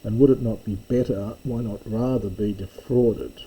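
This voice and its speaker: A man teaching a slow reading lesson, explaining each word in turn with frequent pauses and fillers. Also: on the low side, fairly even intonation, dark tone, breathy edge, rough recording. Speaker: Greek teacher.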